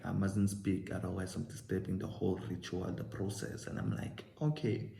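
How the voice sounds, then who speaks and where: A man's voice: deep voice, moderate pace, vocal fry, warm tone, echoey room. A young man with a South African accent, casually telling a storytime and acting out both sides of the conversation. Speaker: vlogger.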